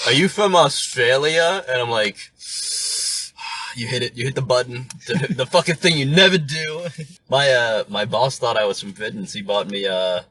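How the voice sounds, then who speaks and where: A man's voice: medium pitch, moderate pace, pushed and bright. A young man co-hosting a podcast in casual chat, laid-back and laughing often. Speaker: podcast co-host.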